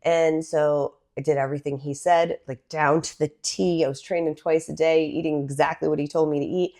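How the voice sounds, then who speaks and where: A woman, a personal trainer talking as a podcast guest, lively and animated as she tells her story. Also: low voice, fairly quick. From Massachusetts, US. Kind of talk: casual interview talk.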